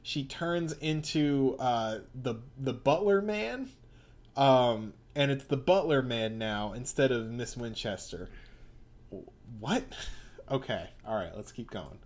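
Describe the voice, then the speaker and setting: A man's voice: medium pitch, expressive, takes it slowly. A man reading through a comic aloud in casual, bemused chat. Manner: bemused, rambling.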